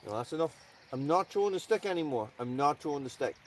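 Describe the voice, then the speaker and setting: Guy chatting on a live stream by his campfire outside, voice jumps all over, bit of outdoor noise behind. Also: fast talker. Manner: rambling, talks to his dog in a high excited voice. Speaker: channel host.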